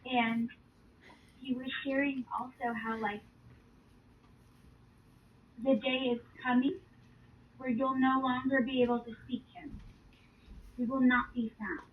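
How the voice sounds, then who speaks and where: A fairly high-voiced woman speaks earnestly in a casual spoken testimony, pressing hard on the words she quotes and rambling a little with fillers between them. The audio is thin and phone-like, with a faint hiss of background noise underneath. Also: flat delivery, takes it slowly, pauses often. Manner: earnest, urgent when quoting, loose and filler-heavy when explaining. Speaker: Christian speaker sharing a vision.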